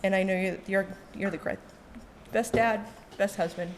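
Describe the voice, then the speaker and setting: A woman giving emotional public comment at a town meeting, close to tears and joking between halting fillers. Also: mid-range voice, fairly even intonation, a little hiss or hum. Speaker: resident speaking at public comment.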